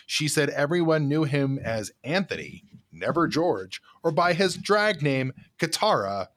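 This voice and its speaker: Lively, animated man reading headlines. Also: fairly high pitch, measured pace. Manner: lively, jokey, interjecting. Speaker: podcast host reading headlines. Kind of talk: casual political chat.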